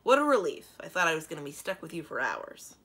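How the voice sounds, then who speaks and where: A woman doing a gruff, bossy escort dragon. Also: low voice, sing-song, quick pace, heavily acted. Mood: relieved. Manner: loud, shouting orders.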